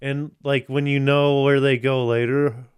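A man's voice: medium pitch, level tone, a little slow, clear, resonant tone, no echo, studio quality. A man hosting a podcast, chatting casually, rambling, swearing and restarting often. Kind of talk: casual chat.

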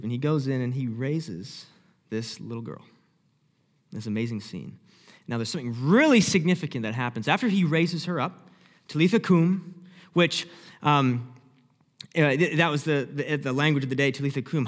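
A young man preaching a sermon, telling the story vividly and acting out the scenes, dropping from loud to hushed. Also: mid-range voice, animated, normal speed. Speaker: pastor. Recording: long hall reverb.

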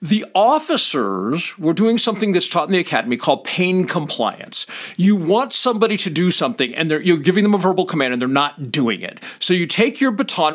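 A middle-aged man and former police officer telling stories in a casual monologue, blunt and swearing freely, laughing between points and acting out shouted commands. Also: fairly high pitch. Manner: animated, acts out shouted commands.

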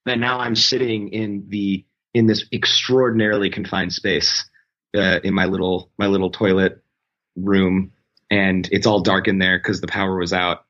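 A man telling a personal story in casual chat. He talks in a rambling, self-correcting way and gets animated when he quotes people. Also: low voice, moderate pace, muffled recording. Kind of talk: casual anecdote.

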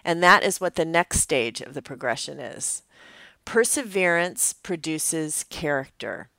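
A woman's voice: low-pitched, animated, measured pace, vocal fry, sharp tone, dry recording. A woman teaching a devotional message as a pastor, earnest and reflective in a conversational way.

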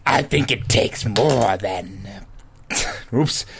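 A man's voice: medium pitch, extremely slow, vocal fry, a little hiss or hum. A man with a cold explaining things to friends in a casual group chat, with sarcastic asides. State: sick with a cold. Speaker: co-host giving advice.

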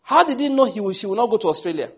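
A middle-aged Nigerian man preaches a sermon in a high-pitched, very fast voice with a breathy edge. He tells stories with animation, acting out the dialogue.

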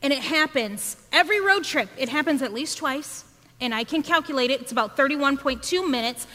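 A woman podcast host preaching a sermon, telling an animated story and acting out her children's voices. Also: high voice, a little fast. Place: church sanctuary. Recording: long reverb of a church hall.

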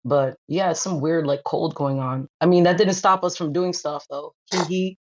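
A woman's voice: low voice, moderate pace, darkish tone, highs cut off. A woman in casual chat, playful and giggly, getting over a cold. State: recovering from a cold. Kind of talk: casual chat on a live audio space.

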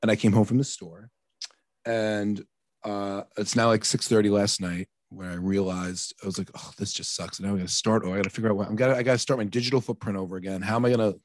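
A man's voice: lowish voice, fast, dry recording. A man in his thirties or forties, a podcast co-host, telling a family story in casual chat and acting out the dialogue with exasperation. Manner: animated, exasperated, acts out quoted dialogue.

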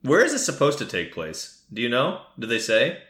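A man co-hosting a podcast, talking over a movie. His voice is bright and swings lively up and down as he muses and laughs, and the room gives it a noticeable echo. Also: medium pitch, normal speed. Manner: lively, laughs often, musing. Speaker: podcast co-host. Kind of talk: casual movie commentary.

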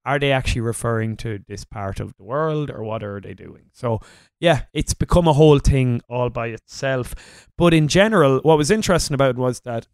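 Relaxed man chatting on a podcast. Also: mid-range voice, fairly quick, hardly any pauses, smooth, no echo. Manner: relaxed, rambling with many fillers. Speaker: podcast co-host. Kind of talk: casual history podcast chat.

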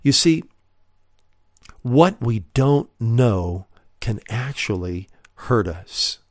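Earnest male preacher, emphatic, rhetorical questions, mid-pitched, dry close sound. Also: lively intonation, extremely slow, darkish tone, no echo. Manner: earnest, emphatic, addresses listeners as friends. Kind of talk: sermon teaching.

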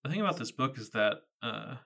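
A man's voice: medium pitch, animated, brisk, creaky, sharp tone. A man in his thirties co-hosting a book podcast, chatting in a thoughtful, casual way. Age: 30s. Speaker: podcast co-host. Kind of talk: casual book-discussion chat.

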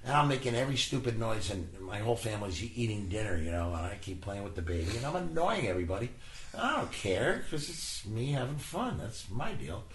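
A man telling stories as an interview guest, animated, often laughing and acting out other people's voices. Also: on the low side, quick pace, few pauses. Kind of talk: anecdotal interview talk. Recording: echoey room with faint noise.

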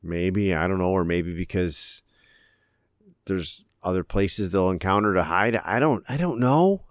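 A man's voice: on the low side, moderate pace, no echo, studio quality. A man co-hosting a casual movie-discussion chat, laid-back and rambling, with hesitant fillers and some swearing. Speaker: podcast co-host.

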